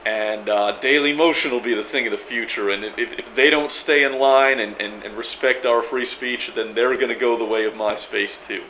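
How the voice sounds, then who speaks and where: A man's voice: medium pitch, moderate pace, hardly any pauses, pushed and bright, slight background noise. A middle-aged man giving a rambling video reply, stammering, repeating words and swearing with emphatic force. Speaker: vlogger replying to another creator. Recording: echoey room, dull lo-fi sound.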